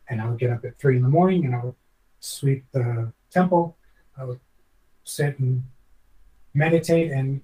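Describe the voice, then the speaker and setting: A man's voice: medium pitch, a little mellow, distant mic, rough recording. A former chef, a man, telling a long personal story in a podcast interview, reflective and earnest, rambling with many restarts.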